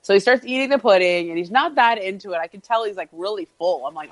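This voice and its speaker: A woman's voice: medium pitch, fast, no echo. A woman co-hosting a sports radio show, chatty and loose as she tells a story, filling it with "like". Her voice sits mid-range and comes across dry and close in the studio. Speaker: radio co-host. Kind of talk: casual radio chat.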